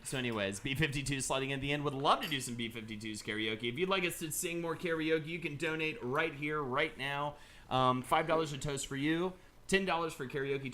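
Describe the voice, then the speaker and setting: A man hosting a live stream, chatting casually and loosely with plenty of swearing while pitching donations. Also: a bit bright. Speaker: stream host.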